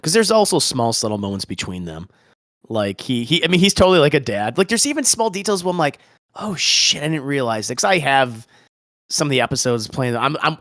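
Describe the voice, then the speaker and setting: A man hosting a podcast, chatting excitedly about a show and retelling scenes with lots of restarts and casual swearing. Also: mid-range voice, dry recording, clean studio sound. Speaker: podcast host. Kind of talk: casual podcast review chat.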